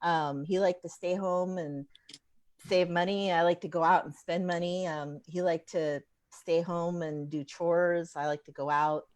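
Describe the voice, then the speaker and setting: A woman comedian in her forties doing a stand-up set, telling animated stories and laughing at her own jokes. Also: on the low side, unhurried. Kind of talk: stand-up set over a live stream. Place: home bar.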